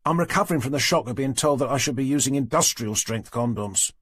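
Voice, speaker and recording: A man's voice: medium pitch, fast, a bit bright, husky, no echo, studio quality. A man voicing an eager, flustered young male detective constable in an audiobook. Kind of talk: audiobook character reading.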